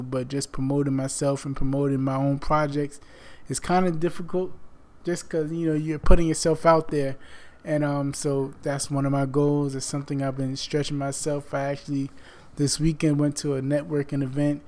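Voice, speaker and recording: A man's voice: a little high, level tone, moderate pace, mellow. A man hosting a podcast in casual chat, rambling with many fillers and restarts, and losing his voice. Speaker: podcast host.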